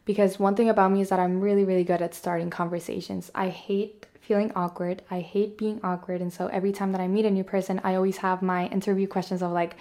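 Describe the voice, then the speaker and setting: A woman's voice: mid-range voice, flat delivery, fast, hardly any pauses, dark tone. Chatty young woman podcaster, confessional. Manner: chatty, confessional, says "like" and "literally" often. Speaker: podcast host. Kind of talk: casual solo podcast storytelling.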